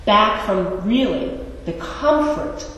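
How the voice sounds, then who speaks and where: A woman's voice: mid-range voice, expressive, slow, fairly bright tone, a little hiss or hum. A woman pastor preaching a sermon in a church, conversational and wry, with asides to the congregation. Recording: echoey church hall, distant mic.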